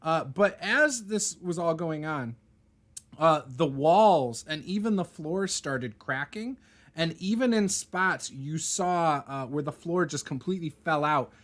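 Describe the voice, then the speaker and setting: A man's voice: a little high, expressive, unhurried, fairly bright tone. A man running a tabletop game over a video call, narrating loosely with many fillers. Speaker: game master.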